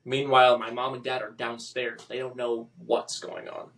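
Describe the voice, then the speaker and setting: A man telling his personal story as a podcast guest, halting and emotional, with many restarts and fillers. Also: medium pitch, little pitch movement, fairly bright tone, distant mic.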